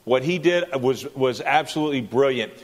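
A man's voice: mid-range voice, animated, moderate pace. A man giving football commentary on a sports talk show, emphatic with frequent restarts. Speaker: football analyst.

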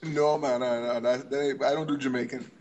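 A man's voice: medium pitch, steady tone, fairly quick, darkish tone, muffled recording. Upbeat man co-hosting a podcast. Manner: upbeat, talks in long run-on thoughts with restarts. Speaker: podcast co-host. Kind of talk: casual sports chat.

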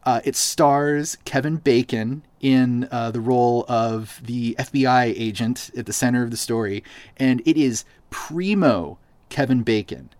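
A man's voice: medium pitch, unhurried, darkish tone, no echo. Easygoing male podcast host, dry sound. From Boston. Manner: enthusiastic, filler-heavy recommending. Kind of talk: casual chat.

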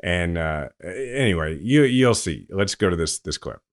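A man hosting a podcast, explaining political news in a relaxed, chatty way. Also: low-pitched, normal speed. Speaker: podcast host. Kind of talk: casual political commentary.

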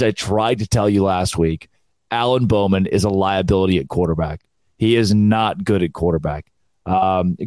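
Young man, low-pitched solo podcast host, mocking and animated, dry booth sound. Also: no echo. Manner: sarcastic, animated, mocking quoted fans. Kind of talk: solo sports podcast rant.

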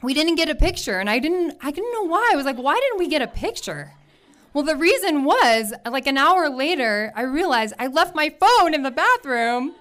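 A woman telling a personal story to an audience in an animated way, laughing often and acting out the voices of the people in it. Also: sits high, normal speed, few pauses. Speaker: storyteller at a live event.

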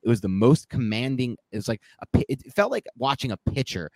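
A man's voice: medium pitch, big pitch swings, brisk, a little mellow, no room sound. A man co-hosting a sports podcast, breaking down a game in loose, rambling talk, correcting himself and laughing at his own slips. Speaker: podcast co-host. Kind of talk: casual sports podcast analysis.

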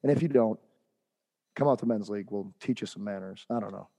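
A man's voice: on the low side, fairly quick, warm tone. A man co-hosting a hockey podcast, telling a heated coaching story in casual chat with lots of fillers and restarts.

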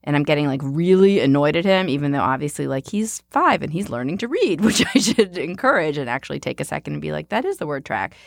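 Low-voiced laughing woman telling stories. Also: animated, fast talker, vocal fry, hardly any pauses, no echo, studio quality. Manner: laughs often, self-deprecating, acts out shouted quotes. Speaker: podcast co-host. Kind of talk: casual chat and anecdote telling.

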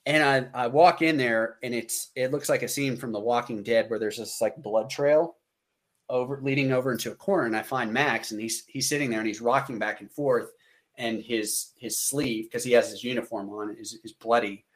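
A man in his thirties with an American accent, telling a war story as a podcast guest, animated and acting out the dialogue he quotes. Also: mid-range voice, normal speed. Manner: animated, acts out quoted dialogue, frequent fillers. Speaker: podcast guest, combat veteran. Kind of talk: casual storytelling.

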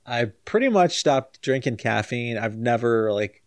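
Speaking at a measured pace with lively intonation, a guest casually recounts a story. His voice gets higher and louder whenever he quotes someone, laughter punctuates the telling, and he softens and drops low toward the end.

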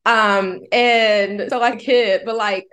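A woman's voice: mid-range voice, fairly even intonation, takes it slowly, a bit bright, clear, resonant tone. A woman, a mother co-hosting a podcast, telling a rambling family story in casual chat, full of "like" fillers. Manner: chatty, rambling, many "like" fillers.

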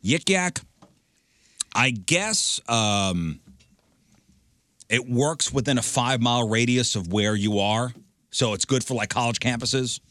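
A man's voice: mid-range voice, slow, long pauses, fairly bright tone, dry recording. A man hosting a morning radio show, casually reading out news stories. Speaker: radio host.

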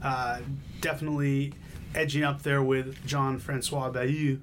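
A man's voice: mid-range voice, little pitch movement, a little slow, slight background noise. A man co-hosting a podcast, casually reading comic credits and recapping issues with jokes. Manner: joking, reads credits then recaps. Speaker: podcast co-host. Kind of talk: casual comic book review chat.

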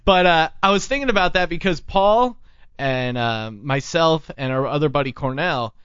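A man's voice: a little high, lively intonation, moderate pace, fairly bright tone, clean tone, no echo, muffled recording. Talkative man hosting a podcast. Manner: storytelling, rambling with restarts. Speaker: podcast host. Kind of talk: casual chat.

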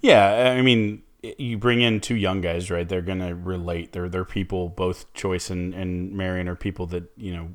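A man's voice: low-pitched, fairly even intonation, moderate pace, few pauses. A man co-hosting a casual sports podcast, rambling with many restarts and fillers. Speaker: co-host.

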